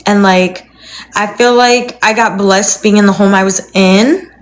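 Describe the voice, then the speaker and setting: A woman's voice: mid-range voice, steady tone, measured pace. A young woman chatting casually on a phone livestream from her apartment, rambling, with cooing baby-talk to her dog.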